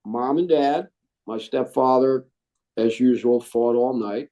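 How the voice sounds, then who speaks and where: A middle-aged Marine veteran takes his time, speaking slowly at medium pitch as he tells his story in an interview. He stays animated throughout, voicing the people he quotes.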